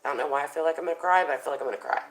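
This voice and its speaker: A woman's voice: deep voice, very fast, low-quality recording. A woman doing a casual tarot reading, chatty and thinking aloud with plenty of fillers. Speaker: tarot reader.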